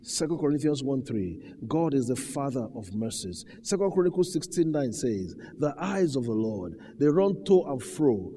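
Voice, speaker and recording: A male pastor preaching a sermon, swinging from quiet talk to loud shouts and bursts of faith-filled laughter. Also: medium pitch, sing-song, normal speed, hardly any pauses, slightly rough, big-room sound.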